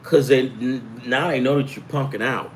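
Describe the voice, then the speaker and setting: This middle-aged man hosts a sports betting talk, cursing and wandering from one topic to the next in rambling casual conversation. His medium-pitched voice is steady at a normal speed, and the low-quality recording carries a little hiss or hum.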